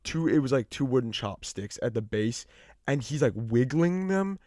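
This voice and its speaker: Young adult male podcast co-host, casual storyteller, mid-pitched, loose, filler-heavy, swears freely, dry close sound. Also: lively intonation, normal speed, a little mellow, no echo.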